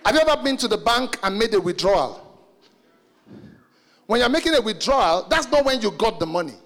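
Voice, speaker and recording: A man's voice: sits high, very animated, fairly quick. A man preaching a sermon emphatically and calling out to the congregation. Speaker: pastor. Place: church hall. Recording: reverberant hall with soft music.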